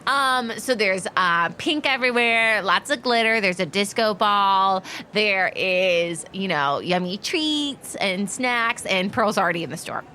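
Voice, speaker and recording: A young woman narrating a tabletop role-play game as game master, bubbly and giggly, slipping into quick character voices. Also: medium pitch, expressive, bright, forceful tone, slight background noise.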